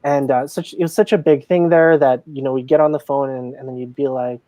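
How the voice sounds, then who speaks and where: A man's voice: medium pitch, fairly quick, no room sound. A man who works as a casino floor supervisor, a guest telling stories in a casual interview, chatty and full of fillers. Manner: chatty, filler-heavy, animated retelling.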